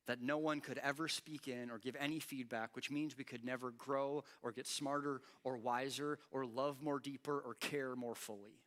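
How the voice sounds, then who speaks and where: A man preaching a sermon as pastor, animated and acting out quoted lines with rising intensity. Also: medium pitch. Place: church.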